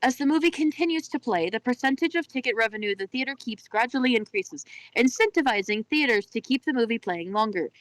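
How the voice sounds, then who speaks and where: A woman's voice: a little high, lively intonation, a little fast, hardly any pauses, dry recording, poor audio. A woman co-hosting a casual chat show, rambling and correcting herself, slipping into a put-on Irish lilt. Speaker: podcast co-host.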